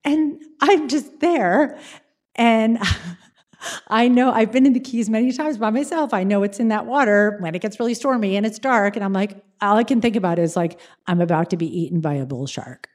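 Woman storyteller, dramatic and wry, higher-pitched voice, holds suspense. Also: moderate pace. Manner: animated, dramatic, wry asides. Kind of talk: personal storytelling.

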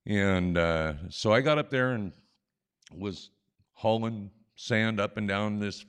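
Low-voiced older man telling a story. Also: takes it slowly, smooth. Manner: animated, chuckling, self-mocking. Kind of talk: live personal storytelling. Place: on stage at a live event. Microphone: stage microphone.

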